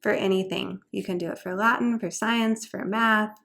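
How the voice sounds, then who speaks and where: A woman's voice: medium pitch, steady tone, normal speed, vocal fry, a bit bright. Cheerful woman explaining tutor activities. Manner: cheerful, chatty, sings short learning songs. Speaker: homeschool tutor.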